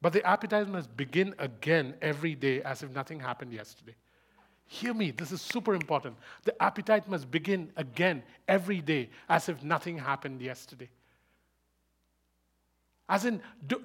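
A man preaching a sermon, fast and emphatic, asking rhetorical questions and rising into loud bursts. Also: a little high, lively intonation, husky. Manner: speaks fast.

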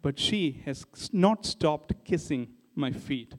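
A man quoting Jesus as a calm grown man who quietly rebukes his host in measured words. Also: a little high, voice pushed down. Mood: gentle rebuke. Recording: long hall reverb.

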